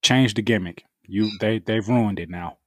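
A man in casual podcast chat, telling things in an animated, profane, slangy way. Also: on the low side, moderate pace, no echo.

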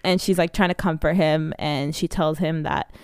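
Woman podcast co-host, casual rambling recap, smooth resonant tone, dry close sound. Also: low-pitched, steady tone, moderate pace, no echo. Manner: rambling plot recap with many fillers. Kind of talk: casual movie review chat.

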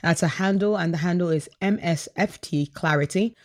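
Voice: mid-range voice, normal speed, a little mellow. A host recapping a social media chat, reading out posts and reacting to each with brief exclamations.

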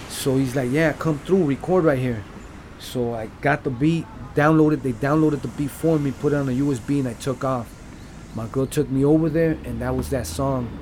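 A little hiss or hum sits under this man's medium-pitched, slightly mellow voice. As a podcast guest, he tells his life story casually and loosely, using profane street slang full of "like" and "you know."

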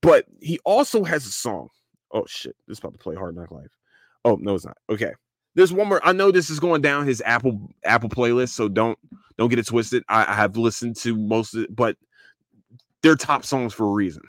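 A podcast host talking casually in a loose, profane solo rant, with lots of restarts. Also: male voice, mid-range voice, moderate pace, no echo, clean studio sound. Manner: animated, profane, repeats and restarts a lot.

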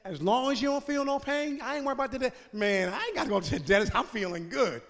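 A male pastor delivers a sermon in a high, ringing voice. He climbs into shouted, half-sung cadences and then drops back into low, chatty asides to the congregation. The sound carries the long reverb of a church sanctuary. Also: lively intonation, fast.

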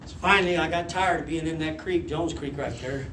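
A man in his fifties preaches by telling a lively story, breaking into laughter and shouting out quoted lines. His voice sits high for a man. The room is echoey, with a faint ambience underneath. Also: a little fast, noisy background. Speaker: pastor. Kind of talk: sermon testimony.

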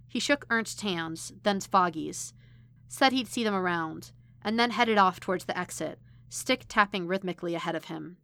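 A woman reading fan fiction aloud as a podfic narrator, measured and even. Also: fairly low pitch, no room sound. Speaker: podfic reader. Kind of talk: audiobook-style fiction reading.

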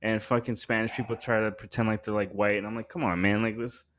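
A man's voice: fairly low pitch, flat delivery, fast, fairly bright tone, slight background noise. A man hosting a podcast, telling a story in a rambling casual chat full of slang and swearing, his voice rising when he gets worked up. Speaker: podcast host.

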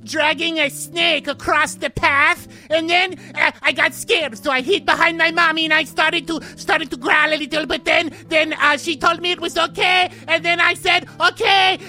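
A woman's voice: very high voice, steady tone, normal speed, few pauses, bright, forceful tone, faint music behind. A woman voicing a childish call-in show host who gives earnest, babyish advice. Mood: chirpy. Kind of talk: comedy radio call-in sketch.

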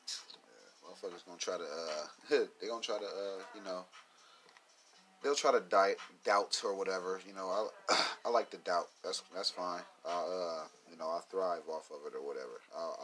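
A man's voice: deep voice, a bit bright. A man talking in a casual, rambling monologue, swearing freely, laughing often and leaning on fillers. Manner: profane, loose, laughs often, many fillers. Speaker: commentator.

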